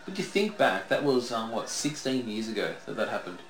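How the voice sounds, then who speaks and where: An Australian man co-hosting a casual wrestling watch-along, reacting in an animated, excitable way. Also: mid-range voice, a little fast, roomy sound, poor audio. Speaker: podcast co-host.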